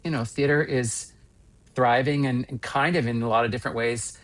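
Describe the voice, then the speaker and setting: A man in his fifties from Western Pennsylvania, a stage actor telling winding, animated anecdotes as a podcast guest. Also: mid-range voice, normal speed. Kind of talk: casual interview storytelling.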